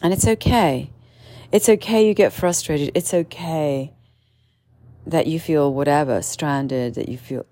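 A woman's voice: unhurried, dark tone, no echo. A woman telling a personal story in a candid, meandering way, full of fillers and restarts. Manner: mimics others with sudden shrill outbursts. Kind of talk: casual storytelling monologue.

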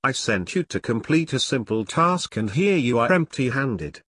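Man doing a rusty-voiced demon henchman, bullying, yells threats, lively pitch, dry sound. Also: moderate pace, husky, no room sound. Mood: threatening. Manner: yelling threats.

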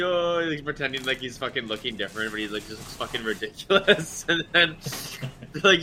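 A man's voice: mid-range voice, fairly quick, a little hiss or hum. A man co-hosting a podcast in casual chat, swearing a lot and breaking into laughter as he talks. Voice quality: swears a lot, laughs often, loud and excitable. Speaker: podcast co-host.

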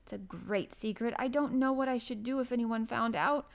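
A shy little girl, bright and eager, her questions rising high and earnest, as a woman reader puts her on. A storybook voice, raised well above the reader's own. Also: moderate pace, creaky.

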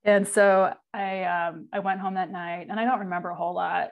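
A woman in her forties speaking candidly in an interview, halting and full of fillers. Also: on the low side, fairly even intonation, vocal fry, dull audio. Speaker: guest. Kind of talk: personal interview.

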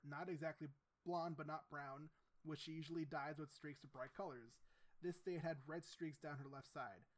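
A man co-hosting a podcast in a casual chat about a book, rambling with stammers and restarts and acting out scenes in quick voices. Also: a little high. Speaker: podcast co-host.

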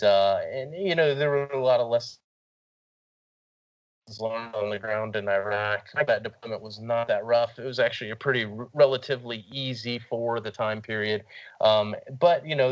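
A man's voice: fairly low pitch, dull audio. A man in his thirties, an army veteran, telling his story earnestly in a casual interview, with many "you know" fillers. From United States. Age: 30s. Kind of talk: conversational storytelling.

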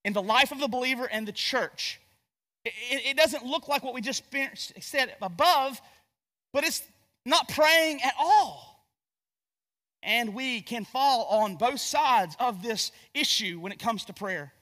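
High, bright Southern preacher in a hall. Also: male voice, animated, unhurried. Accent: Southern US, North Carolina. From Gastonia, North Carolina. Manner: conversational and joking, with repeated restarts. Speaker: pastor. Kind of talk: sermon. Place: church sanctuary.

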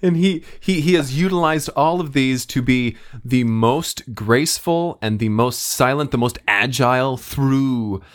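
A man's voice: medium pitch, measured pace, hardly any pauses. Stammering man improvising a comedy story. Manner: stammering restarts, laughs often.

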